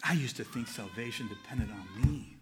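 A male pastor preaching a sermon with passion. He climbs to fervent, emphatic peaks and then sinks into low, earnest stretches. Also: wildly swooping pitch, normal speed, noisy background.

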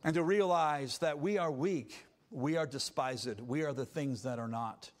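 A man preaching a Sunday sermon as pastor, emphatic and swinging between quiet passages and loud ones. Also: on the high side, unhurried.

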